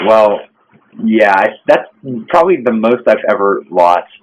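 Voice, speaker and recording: A man commentating while playing a video game, relaxed and matter-of-fact with dry quips. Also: on the low side, measured pace, slight background noise. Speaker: let's play commentator and player. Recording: muffled lo-fi mic.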